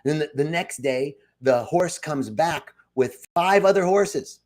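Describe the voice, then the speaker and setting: A man's voice: fairly high pitch, unhurried. A man giving an inspirational spiritual talk on a live stream, telling stories and speaking straight to his viewers. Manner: lively storytelling, addresses viewers directly. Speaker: spiritual speaker at a wellness center.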